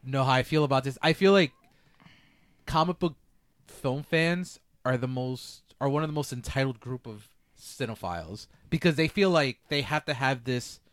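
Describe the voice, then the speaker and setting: A man hosting a casual podcast, talking in an animated, rambling way with many restarts. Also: medium pitch, normal speed, dry recording. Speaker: podcast host.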